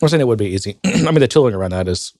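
A man co-hosting a casual podcast, thinking out loud with lots of fillers and restarts. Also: medium pitch, animated, rapid-fire, no echo, clean studio sound. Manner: thinks aloud, rambling with many fillers. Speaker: podcast co-host. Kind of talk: casual tech podcast chat.

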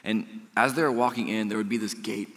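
A male pastor preaching a sermon, animated, with soft, emphatic pauses. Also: on the low side, long reverb tail.

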